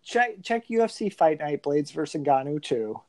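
A man's voice: on the high side, normal speed, a little hiss or hum. A man co-hosting a casual podcast, reading out fight lineups with dry asides. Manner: reads lineups in a flat listing way, dry asides.

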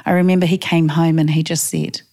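A woman's voice: sits low, fairly quick. A middle-aged New Zealand woman with a New Zealand accent, candidly telling personal stories in a casual interview, acting out quotes. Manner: candid, animated quoting, laughs often.

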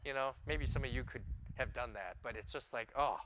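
Bright-voiced male preacher, clear. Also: medium pitch, fairly quick, rough recording. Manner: conversational, asks the congregation questions. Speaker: pastor. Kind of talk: sermon.

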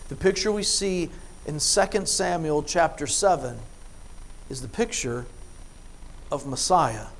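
A man preaching a sermon, reading scripture and explaining it, with emphatic swings between soft asides and loud stressed phrases. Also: a little high, measured pace, creaky, a little hiss or hum. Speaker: pastor.

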